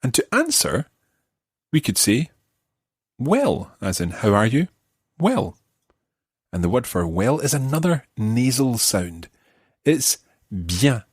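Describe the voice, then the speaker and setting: With a medium-pitched, slightly rough voice whose pitch swoops wildly, a middle-aged language teacher speaks slowly and leaves long pauses. He hosts a friendly podcast lesson, patiently explaining and modeling pronunciation, with no echo.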